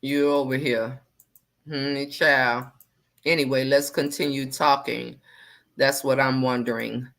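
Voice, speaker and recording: Sassy low-voiced woman with a bright edge. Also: takes it slowly. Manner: sassy, animated, swings from low muttering to loud exclamations. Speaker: livestream host reading viewer comments. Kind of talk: casual livestream chat.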